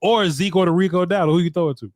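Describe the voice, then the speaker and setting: Laid-back higher-voiced man, dry sound. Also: racing, a little mellow, dry recording. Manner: laid-back, laughs often, slangy, talks back to chat. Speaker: sports podcast co-host. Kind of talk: casual sports talk.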